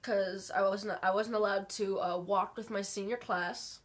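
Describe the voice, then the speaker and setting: Young woman vlogging from her bedroom, talks real slow, lots of ums, trying not to cry. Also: medium pitch, fairly even intonation. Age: young adult. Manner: halting, slow, many pauses and fillers. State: holding back tears. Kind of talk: emotional personal story.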